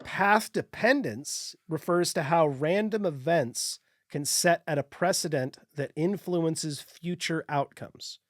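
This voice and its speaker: A man's voice: on the high side, slow pace, few pauses, dry recording, studio quality. A man hosting a casual podcast, reading his research notes aloud and joking between points.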